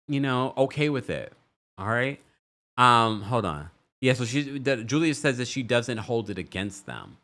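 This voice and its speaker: A man's voice: mid-range voice, bright, forceful tone. A man hosting a livestream who chats and gossips about a reality show, reads viewer comments aloud and laughs often. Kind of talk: casual reality TV recap commentary.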